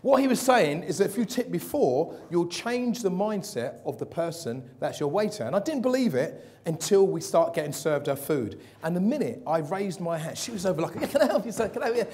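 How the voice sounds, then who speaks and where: Lively male keynote speaker, fairly high voice, animated and jokey, quizzes the crowd. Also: moderate pace, hardly any pauses. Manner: lively, jokey, asks the audience questions. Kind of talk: motivational keynote talk to a live audience. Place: event hall with an audience.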